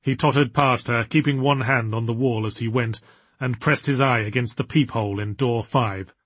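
A man narrating an audiobook story in measured storytelling tones with a husky voice. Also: mid-range voice, fairly even intonation, a bit bright, dry recording.

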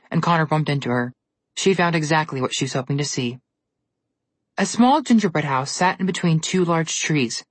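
A woman narrating a storybook in an even, measured reading. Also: sits low, dry recording.

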